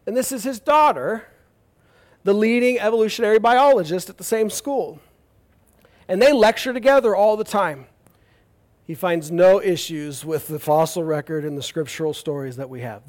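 A male pastor preaching a sermon with animated, jokey storytelling. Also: on the high side.

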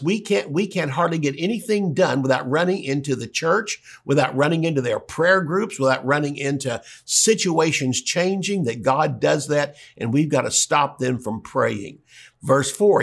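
A man preaching a sermon in an animated way, acting out voices in his retelling. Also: mid-range voice, breathy edge. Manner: animated, acts out quoted dialogue.

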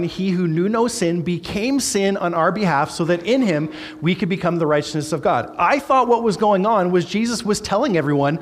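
Male Baptist preacher, somewhat high voice, conversational sermon with scripture reading, long hall reverb. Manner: conversational, reads scripture aloud with emphasis. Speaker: pastor.

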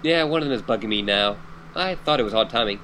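A man's voice: fairly low pitch, lively intonation, fast, bright, forceful tone, a little hiss or hum, low-quality recording. A man reading as a dry, wordy teenage girl. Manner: dry, verbose, ironic.

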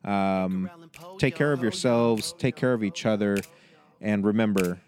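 A man's voice: fairly low pitch, a little slow, a little mellow. A man hosting a podcast, wrapping up the episode in a loose, rambling way with plenty of fillers. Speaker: podcast host. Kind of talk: casual outro address to listeners.

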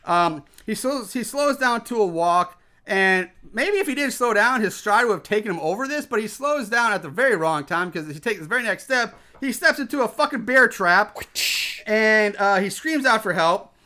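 A man with a high, bright voice recaps a film in a loose, rambling way. He swears freely, laughs often and slips into quick impressions of the characters. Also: animated. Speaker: podcast co-host recapping a film. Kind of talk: casual movie recap chat.

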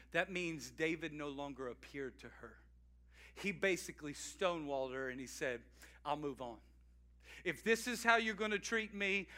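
A man preaching a sermon in an animated, humorous and emphatic way. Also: high-pitched. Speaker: pastor.

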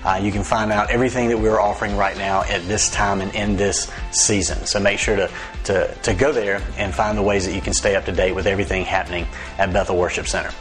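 A man's voice: low-pitched, little pitch movement, quick pace. A man giving a church welcome and announcements before the sermon, speaking prayerfully with a few fillers. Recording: soft music behind.

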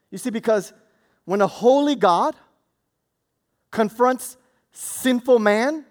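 A man preaching a sermon, swinging from loud, excited delivery to hushed, low passages. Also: slow, pauses often. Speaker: pastor.

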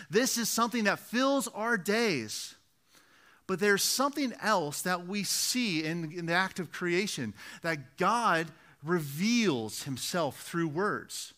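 A man's voice: on the high side, bright, forceful tone. A man preaching a sermon, earnest and repetitive, driving points home with rhetorical questions. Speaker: pastor.

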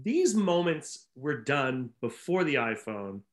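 A man's voice: medium pitch, sing-song, takes it slowly. A man hosting a casual conversation, stressing his points emphatically. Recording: roomy echo.

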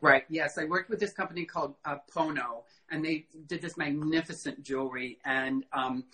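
A middle-aged man, a guest in a casual interview, telling animated stories and acting out quoted dialogue, with frequent fillers. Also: fairly high pitch, normal speed, low-quality recording. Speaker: costume designer guest.

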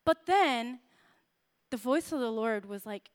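A woman in her thirties shares a personal testimony in the easy, rambling way of a sermon, full of fillers and asides. Her voice sits high, and she keeps a warm, earnest, conversational tone throughout. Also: expressive, measured pace. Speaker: speaker sharing a testimony.

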